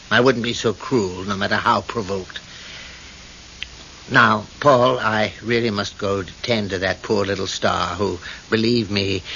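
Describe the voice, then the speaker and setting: An actor playing a self-pitying, theatrical gentleman in an old radio drama, speaking in a melodramatic way. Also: lowish voice, heavily acted. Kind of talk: 1970s radio drama acting. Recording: muffled old radio broadcast, faint hiss.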